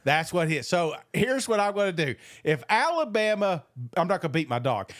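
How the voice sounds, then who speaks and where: A man co-hosting a podcast in casual sports chat, talking with animated, boastful banter and some swearing. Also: sits high, brisk, few pauses, no room sound, studio quality. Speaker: podcast co-host.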